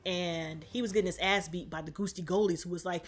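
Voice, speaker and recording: A woman's voice: lowish voice, steady tone, brisk, hardly any pauses. A woman vlogger giving a comic movie recap in slangy, profane talk.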